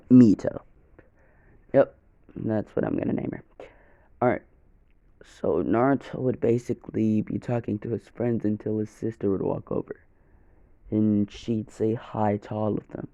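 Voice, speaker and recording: A man's voice: on the low side, mellow, no room sound, muffled recording. A young man narrating an improvised first-person fan story, rambling, correcting himself and swearing casually.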